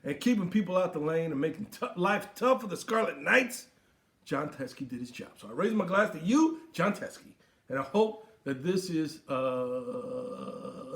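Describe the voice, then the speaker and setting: A man's voice: fairly high pitch, sing-song, unhurried, fairly bright tone. A young man hosting a comedic sports recap, boisterous and theatrical, with playful bits and mock toasts. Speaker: sports show host.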